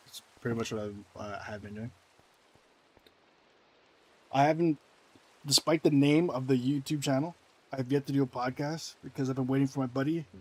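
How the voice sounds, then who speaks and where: A man's voice: medium pitch, a little mellow. Rambling male gaming streamer. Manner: rambling, self-deprecating, reading chat. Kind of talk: casual gameplay commentary.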